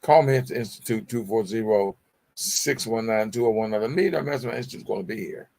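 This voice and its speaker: Man, middle-aged, gravelly voice, motivational show host, preachy, repeats himself, talks to y'all. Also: fairly low pitch, fast, a little mellow. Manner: preachy, repeats phrases, addresses audience as y'all. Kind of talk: motivational talk show sign-off.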